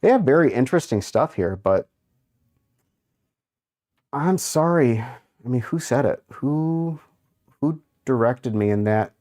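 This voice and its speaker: A livestream host with an animated, mellow, mid-range voice reads viewers' chat aloud in an unhurried way. While browsing he mutters to himself and drops amused asides.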